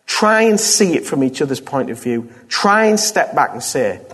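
Husky preacher in a reverberant hall. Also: male voice, a little high, big pitch swings, moderate pace, a bit bright. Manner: fervent, repetitive exhortation. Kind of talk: sermon. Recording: long reverb of a large hall.

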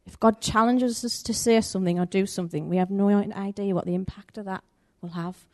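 A woman's voice: medium pitch, a little fast. Woman preaching a story-filled sermon. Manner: animated, conversational, acts out the story's voices.

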